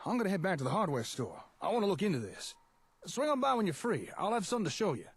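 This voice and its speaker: Actor as a friendly game tinkerer, lively, slightly husky high voice, easygoing. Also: male voice, quick pace, no echo, heavily acted. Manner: friendly, easygoing planning talk. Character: upbeat male settler tinkerer. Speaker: game character.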